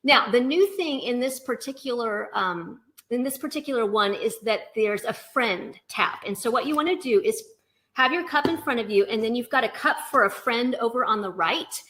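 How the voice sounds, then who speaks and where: A woman's voice: on the high side, expressive, normal speed, fairly bright tone. A woman music teacher giving a webinar lesson, explaining rhythms and counting beats aloud. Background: backing music.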